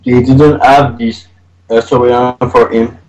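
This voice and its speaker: A man's voice: medium pitch, level tone, measured pace, muffled recording, a crowd in the background. A male co-host on a radio talk show, adding short remarks in casual chat. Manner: brief interjections.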